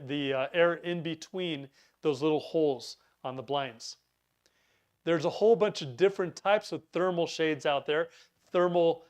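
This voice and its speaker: This preparedness instructor from Utah teaches casually, talking a lot and frequently tripping over words and starting sentences again. He has a smooth voice pitched a little high.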